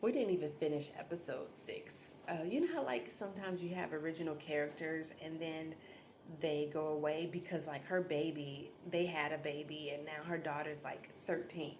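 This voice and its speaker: A woman's voice: low-pitched, moderate pace, darkish tone, slight background noise. A woman hosting a casual solo podcast from home, rambling, laughing often and talking to listeners as y'all. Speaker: podcast host.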